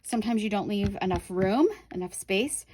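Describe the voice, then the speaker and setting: A woman's voice: medium pitch, moderate pace, mellow, a little hiss or hum. Chatty woman teaching a paper craft. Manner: chatty, talks to viewers while working, self-correcting. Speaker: craft demonstrator. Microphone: camera on the craft table.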